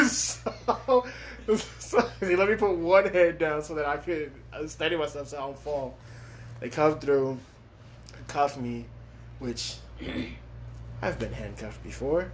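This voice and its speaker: Young man from Los Angeles, somewhat high voice, animated storyteller who laughs and swears, casual podcast chat. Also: slow pace, slight background noise. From Los Angeles, USA.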